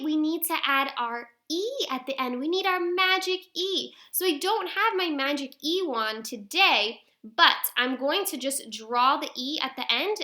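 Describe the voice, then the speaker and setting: A woman teaching a phonics lesson to young children on video, sounding out letters slowly and asking coaxing questions. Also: high-pitched, pushed and bright. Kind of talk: early-grade phonics lesson to camera.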